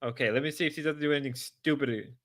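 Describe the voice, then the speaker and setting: A man hosting a live stream, reacting loudly and excitably while he chats and swears. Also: medium pitch, fast talker. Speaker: streamer host. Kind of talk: casual live-stream chat.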